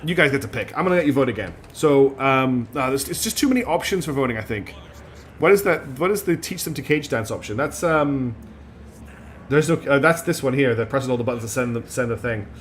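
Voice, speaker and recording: A man's voice: medium pitch, animated, fairly quick, a little hiss or hum. A man streaming a game, chatting casually in a rambling, self-deprecating way. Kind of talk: casual gaming commentary.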